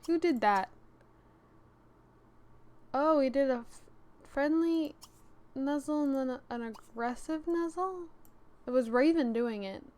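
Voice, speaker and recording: A young woman with a high voice rambles through casual commentary over a life-sim game. She talks at an unhurried, easy pace and keeps wandering off track, talking to herself between thoughts. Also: a little mellow. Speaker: let's-play gamer.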